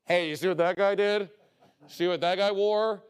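A man's voice: high voice, steady tone, normal speed, smooth, close to an everyday voice. A man doing a snide, nosy gossip. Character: gossiping man sniping about others.

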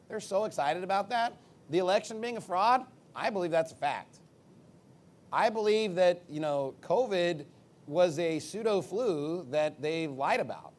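Forceful combative male preacher, fairly high voice. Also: animated, measured pace. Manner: emphatic, combative, sarcastic asides; big swings in pitch and loudness. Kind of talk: sermon.

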